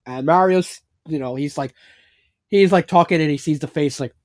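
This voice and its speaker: A fanfiction reviewer with a slightly high, darkish voice speaks at a normal speed, recorded dry with clean studio sound. His casual review rambles along, full of fillers and swearing, and he laughs a lot.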